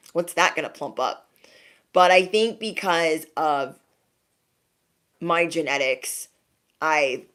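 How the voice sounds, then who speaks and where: A woman's voice: on the low side, fairly bright tone. A woman hosting a casual livestream, chatting in a slangy way with frequent laughs and "okay?" asides, and mimicking people she quotes. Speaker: tarot reader and livestream host.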